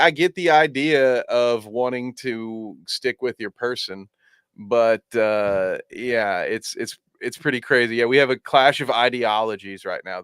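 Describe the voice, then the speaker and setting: A man riffing on a clip with his co-host, swearing freely and laughing at his own jokes. His voice is smooth and clear, recorded dry and close. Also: lowish voice, a bit bright, dry recording. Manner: blunt, profane, laughing opinions. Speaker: podcast co-host. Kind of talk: casual reaction commentary.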